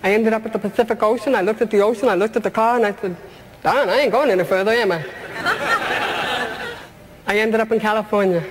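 A woman's voice: medium pitch, slight background noise. A middle-aged woman giving a motivational talk, telling her life story earnestly with humorous asides. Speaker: motivational speaker.

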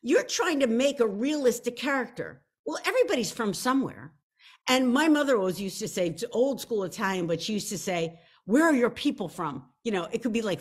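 A woman host, telling a story in a casual, chatty way, animated and playful with teasing jokes about herself. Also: on the high side. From Philadelphia. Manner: chatty, animated, playful and self-mocking, with whooping outbursts. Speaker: show host and novelist. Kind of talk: casual storytelling to camera, showing photos.

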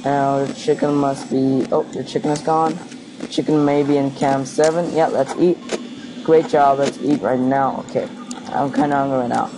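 A man's voice: medium pitch, normal speed. Young man pleading through a horror game. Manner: anxious, pleading, rambling chatter. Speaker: gaming video host. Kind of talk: casual let's play commentary. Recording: home recording with steady background noise.

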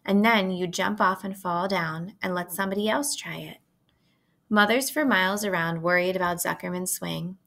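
A woman reading a children's novel aloud in a steady, gentle storytelling manner. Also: on the low side, normal speed, vocal fry.

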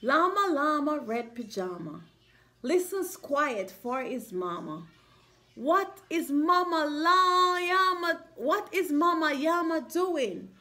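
A mother reading a picture book aloud to her child in an expressive, sing-song way. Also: high voice, takes it slowly.

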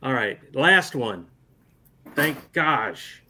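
A man co-hosting a casual podcast, reading movie taglines with playful, jokey deadpan delivery. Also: medium pitch, moderate pace, slight background noise.

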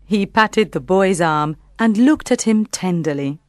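A woman narrating a storybook audiobook in a calm, clear reading voice. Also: mid-range voice, a little slow, no room sound, clean studio sound.

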